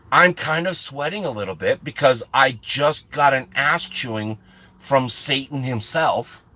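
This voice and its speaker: A man's voice: a little high, bright, forceful tone, no room sound. A man hosting his own channel, telling an exasperated, rambling comic story and often restarting his sentences. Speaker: channel host.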